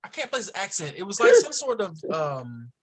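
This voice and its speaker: A man's voice: high voice, huge pitch swings, moderate pace. A man in casual chat, cracking crude, profane jokes and bantering loosely.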